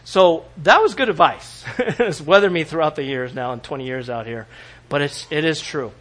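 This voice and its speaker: Animated, bright-voiced male preacher. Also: a little high, normal speed. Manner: animated, acts out quoted voices, laughs often. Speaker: pastor. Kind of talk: sermon.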